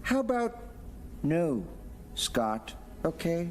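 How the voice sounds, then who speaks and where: An actor playing a pompous, scheming male supervillain who speaks deadpan with theatrical pauses. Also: a little high, a little hiss or hum. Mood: smug. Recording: film audio with reverb and music.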